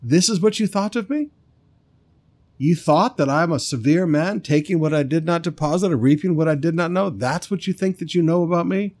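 A man's voice: a little high, moderate pace, a little mellow. A man voicing a stern nobleman turned king, mocking a servant with sarcastic, indignant questions. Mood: scornful.

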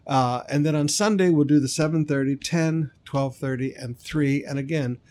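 A male pastor preaching a sermon, emphatic, drawing out key words slowly. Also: on the high side, darkish tone.

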